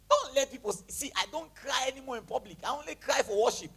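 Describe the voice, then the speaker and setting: A man preaching a sermon to his church, with a lively, emphatic delivery that jumps from shouts to near whispers and mixes in Pidgin phrases. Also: extremely high pitch, a little fast, hardly any pauses, breathy edge. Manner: animated preaching, shouting then dropping to a hush, Pidgin phrases, laughing. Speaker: pastor. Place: church hall with congregation.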